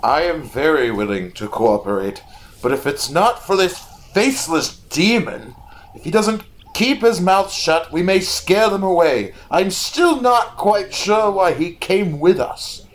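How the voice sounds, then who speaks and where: A man's voice: high-pitched, animated, measured pace, a little hiss or hum, voice pushed up. A man voicing a tall, lanky, short-tempered nobleman who snaps in exasperated bursts. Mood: tense. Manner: snappish, exasperated outbursts.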